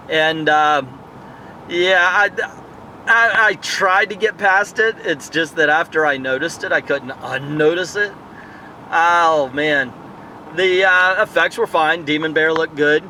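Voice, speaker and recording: Guy rambling thru a movie review outside at night, kinda high voice, faint traffic behind. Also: takes it slowly, bright, forceful tone. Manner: chatty, digressive, thinks aloud with fillers. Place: outdoors in a town area at night.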